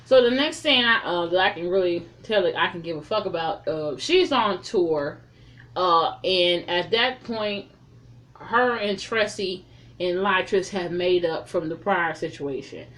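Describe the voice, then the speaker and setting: A woman's voice: fairly low pitch, a little slow, fairly bright tone. A woman reviewing a film in a casual, rambling recap, swearing freely and drifting off on tangents. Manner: rambling, profane, loose and chatty.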